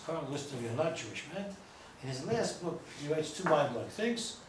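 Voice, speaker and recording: Speaking at a moderate pace with a fairly high voice and wide pitch swings, a rabbi delivers an informal storytelling lecture to a small group. He wanders off on tangents and tosses in jokes along the way. The audio is distant and echoey, with a little background noise.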